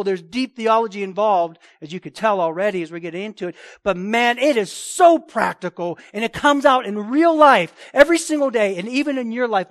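A man preaching a sermon, emphatic, repeating key phrases and swinging between loud and hushed delivery. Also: high voice, dry recording, studio quality. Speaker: pastor.

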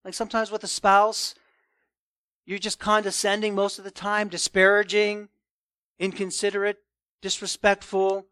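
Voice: medium pitch, level tone, normal speed, fairly bright tone, clear, resonant tone, no room sound. A preacher giving a Sunday morning sermon in an emphatic, conversational way.

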